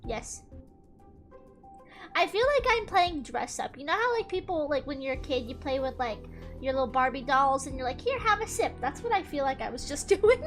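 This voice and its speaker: A woman's voice: high-pitched, expressive, normal speed. A young woman streamer chatting casually while playing a game, giggly and gushing. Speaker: gaming streamer. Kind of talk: casual let's-play chat. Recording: commentary over game music.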